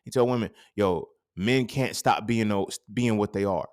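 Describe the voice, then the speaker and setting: A man in his thirties hosting a podcast, talking in a casual, profane monologue that swings into sudden loud outbursts. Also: lowish voice, normal speed. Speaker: podcast host.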